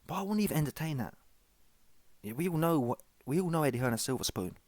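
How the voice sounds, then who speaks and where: A man's voice: on the high side, lively intonation, fast talker, darkish tone, no room sound. A man hosting a comic reaction commentary, slangy and rambling, often asking "yeah?" and "see that one?". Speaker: comedy reaction host.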